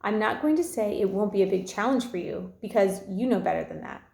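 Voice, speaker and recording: A woman reading aloud as a patient mother gently persuading her son. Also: mid-range voice, animated, a little fast, vocal fry. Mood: gentle. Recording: echoey room.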